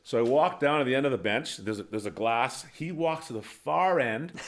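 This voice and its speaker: A man's voice: mid-range voice, normal speed. Middle-aged ex hockey coach guy telling a wild story on a podcast, laughing at himself, studio mic. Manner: lively anecdote teller, laughs at his own story, acts out quotes. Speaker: podcast guest, former pro hockey player and coach. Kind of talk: animated storytelling. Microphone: studio microphone.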